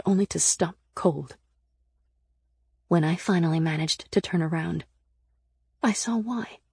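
A woman narrating a first-person audiobook in an earnest, lively storytelling manner. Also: medium pitch, breathy edge, dry recording, studio quality.

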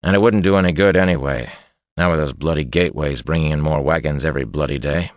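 A man voicing a gruff, menacing hardened killer who mutters and growls his lines in an audiobook reading. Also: a bass voice, fast talker, no echo, studio quality. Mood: gruff, wary.

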